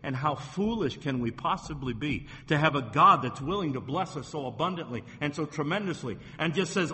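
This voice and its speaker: A man's voice: on the high side, lively intonation, brisk, hardly any pauses, bright, forceful tone. Male pastor, sermon delivery, emphatic, ringing church reverb. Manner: emphatic preaching, reading scripture aloud with rising force. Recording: long reverb of a church hall.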